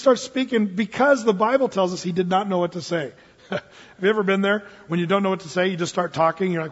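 A male pastor preaching a sermon in a lively, animated way, acting out Bible figures in quick asides. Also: sits high, husky. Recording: lo-fi sound in a hall with long reverb.

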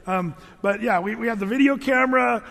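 A middle-aged man with a notably high voice tells a funny story from his past in a loose, rambling way, backing up and restarting his sentences. His voice carries into a large hall and trails off in a long reverb. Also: a little fast, creaky, a bit bright. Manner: loose, rambling, self-correcting. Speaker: speaker telling a personal story. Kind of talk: humorous storytelling to an audience.

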